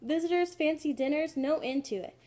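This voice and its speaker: A woman doing a brisk, self-important president. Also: high-pitched, mellow, pitched above the performer's own voice, lightly acted. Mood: brusque. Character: blustery busy male president, gruff.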